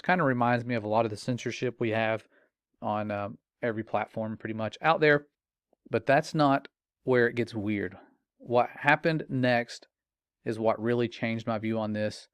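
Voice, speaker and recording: A man's voice: mid-range voice, clean tone, dry recording, clean studio sound. A middle-aged father telling a personal story in an earnest, warning tone, with casual fillers. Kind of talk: earnest personal testimony monologue.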